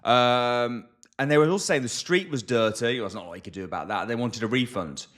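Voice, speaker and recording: An Englishman co-hosts a podcast at an ordinary middle pitch. He speaks conversationally and builds his points as he goes, with the odd hesitation along the way. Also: a little fast, fairly bright tone. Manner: conversational, loose and unscripted. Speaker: podcast co-host. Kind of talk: casual chat.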